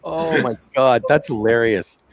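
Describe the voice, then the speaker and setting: A man's voice: mid-range voice, measured pace, heavy background noise. A man hosting a casual podcast chat, telling anecdotes in an easygoing way and laughing often.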